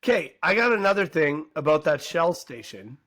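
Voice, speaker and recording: A man's voice: fairly high pitch, moderate pace, no room sound, studio quality. A man hosting a podcast, telling a story in casual chat and acting out the people in it. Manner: animated anecdote teller, mimics voices in quotes. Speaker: podcast host.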